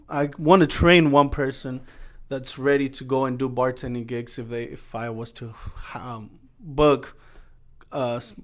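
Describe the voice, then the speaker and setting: A young man talks through his week on his own podcast in a loose, rambling way, in a voice of ordinary pitch for a man. He often stops to correct himself and acts out what he and others said. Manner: rambling storyteller, self-correcting, acts out quoted exchanges. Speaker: podcast host. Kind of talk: casual solo podcast chat.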